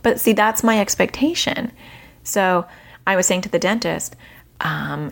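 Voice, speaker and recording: A woman's voice: medium pitch, expressive, measured pace, gravelly. A woman in her forties hosting a podcast, telling a family story in a chatty, self-deprecating way. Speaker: podcast host. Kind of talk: casual podcast monologue.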